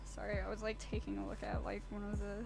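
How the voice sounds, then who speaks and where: A woman's voice: medium pitch, completely flat delivery, quick pace, gravelly, over music. A woman streamer rambling casually and swearing freely while baking in her home kitchen. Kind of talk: casual live-stream chat.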